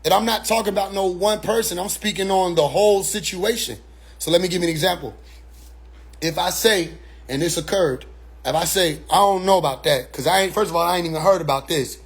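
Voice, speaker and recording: A man's voice: sits high, brisk. A man talking in a casual monologue, blunt and profane, circling back with constant "you see what I'm saying" asides. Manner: blunt, profane street talk. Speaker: commentator.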